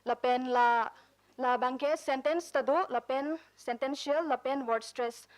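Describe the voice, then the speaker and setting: A woman's voice: high-pitched, a little slow, low-quality recording. A woman presenting a workshop lecture, mixing two languages as she explains terms and examples. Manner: switches between Karbi and English, explains with examples. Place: conference room.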